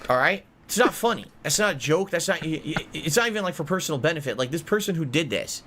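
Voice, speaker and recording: A man's voice: on the high side, very animated, brisk, fairly bright tone, slight background noise. A man hosting a podcast, ranting angrily about money, swearing and circling back to repeat his points. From United States. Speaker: podcast host. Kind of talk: heated podcast rant.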